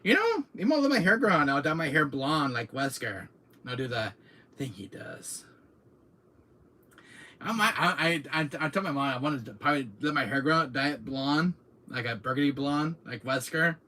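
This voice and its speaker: A man hosting his own channel, chatting casually to viewers in an excitable, rambling way, often laughing and repeating himself. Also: on the high side, moderate pace, a little hiss or hum. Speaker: channel host. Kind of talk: casual vlog chat to viewers. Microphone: camera mic, seated in chair.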